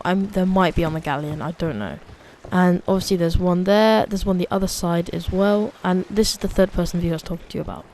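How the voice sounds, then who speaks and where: A student woman giving a casual, chatty review of a game update, excitable and full of fillers. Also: on the low side, slight background noise. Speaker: gaming video creator.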